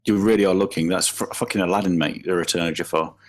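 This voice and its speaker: A man's voice: sits low, fairly even intonation, fast talker, poor audio. A British man as a podcast guest, teasing and sarcastic in casual banter and swearing a lot.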